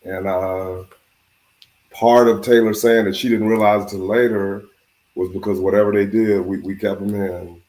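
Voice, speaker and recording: A man, the father, speaking in a quiet, halting, slow way. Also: on the low side, flat delivery, rough recording. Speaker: father and husband. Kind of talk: casual family conversation.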